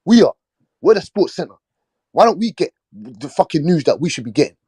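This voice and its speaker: A man's voice: fairly high pitch, big pitch swings, brisk, mellow, husky, no echo. A man hosting a boxing talk show, ranting in a heated, swearing, repetitive way. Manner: fired-up, swearing, repeating himself. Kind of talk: heated casual rant.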